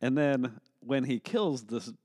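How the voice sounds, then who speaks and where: A man's voice: mid-range voice, slow, darkish tone, no echo, clean studio sound. A man co-hosting a casual movie review podcast, rambling and swearing freely, laughing as he talks. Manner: rambling, profane, laughs often. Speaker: podcast co-host.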